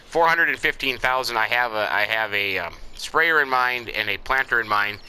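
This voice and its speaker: A man's voice: medium pitch, animated, normal speed, hardly any pauses, bright, forceful tone, clean tone, low-quality recording. A man hosting a farming game channel, giving casual, folksy commentary as he talks to himself while playing. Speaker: gaming channel host.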